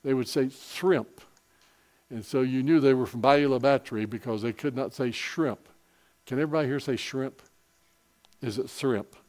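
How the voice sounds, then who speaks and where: A man's voice: medium pitch, moderate pace, darkish tone. A man preaching a Bible sermon in a folksy, rambling way full of personal asides.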